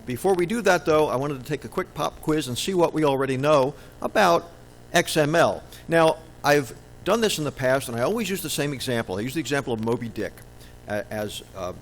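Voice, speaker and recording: A man's voice: medium pitch, slight background noise, low-quality recording. A man giving a conference talk in a session room, playful and jokey, often quizzing the audience. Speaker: conference presenter. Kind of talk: humorous conference presentation.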